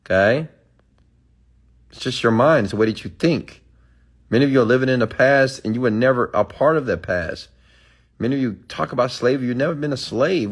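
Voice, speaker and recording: A man's voice: mid-range voice, lively intonation, a little fast, pauses often, husky. A man ranting emphatically on a live stream, answering chat comments and preaching to his followers with repeated "okay?"s.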